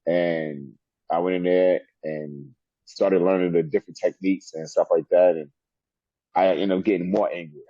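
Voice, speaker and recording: Deep husky man telling stories. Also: normal speed, no room sound. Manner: animated storyteller, laughs often. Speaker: wrestler guest. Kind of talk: storytelling interview. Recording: dull lo-fi sound.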